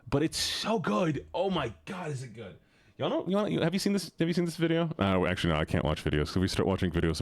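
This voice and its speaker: A man's voice: on the low side, no room sound. A man streaming live, chatting casually in a rambling, jokey, profane and scattered way.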